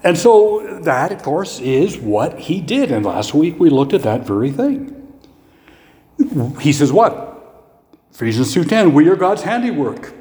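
A man's voice: a little high, sing-song, takes it slowly, pauses often, warm tone. A man preaching a sermon as pastor, in a conversational style, asking rhetorical questions and answering them himself. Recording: echoey hall with long reverb.

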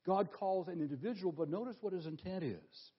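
A man preaching a sermon as pastor, emphatic, asking rhetorical questions and slowing down on key phrases. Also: high voice, slightly rough, muffled recording.

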